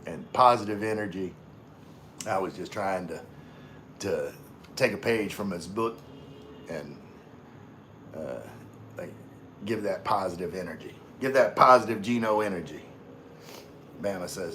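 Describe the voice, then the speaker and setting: Man, lower pitch, livestream host, halting and filler-heavy, relaxed viewer chat. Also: a little hiss or hum. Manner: halting, full of fillers and restarts. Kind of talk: casual live chat with viewers.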